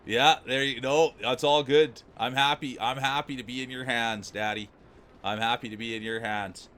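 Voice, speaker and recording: A man's voice: mid-range voice, fairly even intonation, normal speed, a bit bright. A man from Canada with a prairie accent, chatting casually and rambling to his stream chat. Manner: rambling, laid-back, repeats himself.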